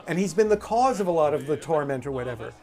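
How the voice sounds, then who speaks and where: A man's voice: on the high side, animated, a little mellow, soft background music. A man from Boston, a guest in a casual conversation, telling theatre stories with frequent restarts. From Boston, USA. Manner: storytelling with halting restarts. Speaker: guest recalling theatre production.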